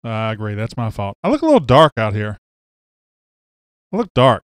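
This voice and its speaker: On a casual sports livestream, a man from Mississippi chats and reads viewer comments aloud, using a webcam setup. He has a fairly low pitch and is very animated at a normal speed. The sound is dry and clean, like a studio.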